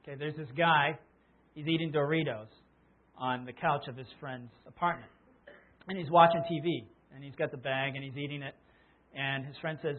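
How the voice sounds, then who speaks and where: A man's voice: on the high side, steady tone, moderate pace. A man preaching an Easter sermon as pastor, talking casually and retelling a story with little acted-out bits. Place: church. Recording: phone-like lo-fi sound.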